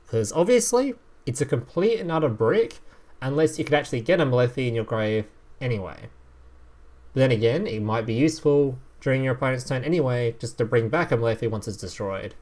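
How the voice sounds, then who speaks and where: A man's voice: mid-range voice, a little mellow. A man streaming casual commentary as he reviews game cards, reading card text aloud, swearing and laughing as he goes.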